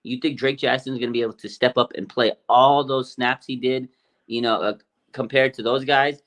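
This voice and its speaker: A man co-hosting a sports podcast, talking in a quick, animated and opinionated way with many fillers. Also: mid-range voice. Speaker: podcast co-host. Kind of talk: casual sports talk.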